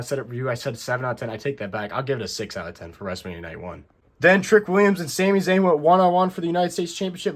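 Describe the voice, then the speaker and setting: Young male reviewer, slightly high voice, chatty and excited, lots of asides. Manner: excited, rambling recap with many "I'm like" asides. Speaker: wrestling show reviewer. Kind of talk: casual video review.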